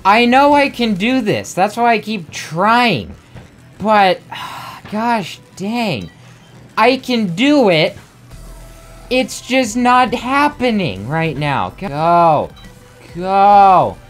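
Excitable young man ranting over gameplay. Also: high voice, slow pace. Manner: excitable, frustrated, self-mocking rants. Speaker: gamer. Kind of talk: let's play commentary. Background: faint game music.

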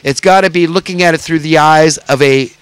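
A man giving an impassioned, preachy monologue, often pausing on "okay?" for emphasis. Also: fairly high pitch, clean tone, no room sound, rough recording. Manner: preachy, repeats "okay?", fervent. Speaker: commentator.

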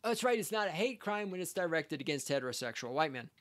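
A man's voice: on the high side, big pitch swings, fast talker, fairly bright tone. A man hosting a podcast, delivering a scornful, sarcastic rant as he reacts to a text he reads aloud. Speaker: podcast host. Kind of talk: ranting commentary reacting to a read-out text.

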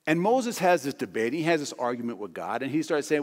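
A man's voice: mid-range voice, very animated, a little fast, darkish tone. A man preaching a sermon as pastor, emphatic and hammering points home through repeated phrases. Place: church. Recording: long church hall reverb.

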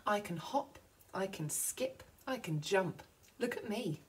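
A woman's voice: mid-range voice, expressive, slow pace, distant mic, slight background noise. A woman voicing a haughty, boastful male wallaby in a read-aloud picture book. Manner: haughty, showing off. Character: haughty male wallaby, looks down his nose.

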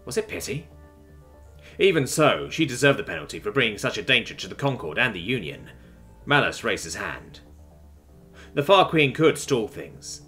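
Expressive male story narrator. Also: mid-range voice. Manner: dramatic, expressive reading. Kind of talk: scripted audiobook narration.

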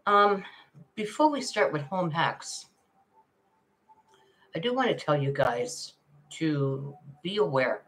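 This livestream host is an older woman broadcasting from home, relaxed, low-voiced and never rushed. She reads comments aloud, laughing often, chatting freely and addressing her viewers as darling.

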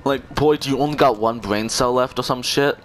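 A man's voice: medium pitch, fairly quick, a little hiss or hum. A young man trash-talking other players in online game voice chat, sarcastic, mocking and swearing. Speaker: gamer.

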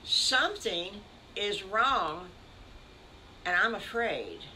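A woman's voice: medium pitch, big pitch swings, very slow, sharp tone, slight background noise, heavily acted, low-quality recording. Sally Skunk, a fretful little girl skunk, as a grandmother puts her on. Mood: worried. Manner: anxious, fretful.

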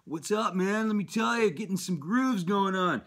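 A man's voice: high voice, expressive, normal speed, a bit bright. A man from the California Bay Area, hosting a casual product review in a put-on California surfer accent, with laid-back slang and a habit of asking "you know what I'm saying". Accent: put-on California surfer "Valley Boy" drawl.

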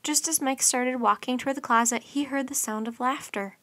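A woman reading a children's bedtime storybook aloud in a lively, expressive way. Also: high voice, normal speed, no room sound, clean studio sound.

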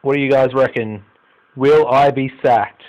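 A young man with an Australian accent giving live commentary on a football management game, swinging from low muttering to loud exclamations and swearing. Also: steady tone, a little slow, muffled recording. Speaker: gaming YouTuber.

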